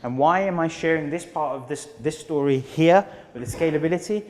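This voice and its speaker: A British motivational speaker with a slightly high voice and brisk pace gives a keynote in a large auditorium, where long hall reverb echoes his words. He tells stories energetically, acting out the quotes.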